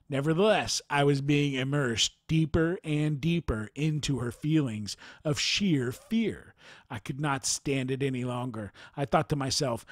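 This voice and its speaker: A man narrating a near-death experience account in a formal, measured reading style. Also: medium pitch, no echo, clean studio sound.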